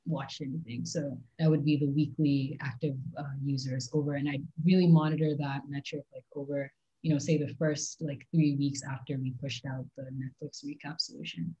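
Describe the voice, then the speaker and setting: A low-voiced woman answers mock job interview questions at a quick clip, sprinkling her sentences with "like" and "um." Her tone is soft and mellow. The recording sounds a little dull and lo-fi. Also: fairly even intonation. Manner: fast-talking with frequent "like" and "um" fillers. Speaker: interview candidate.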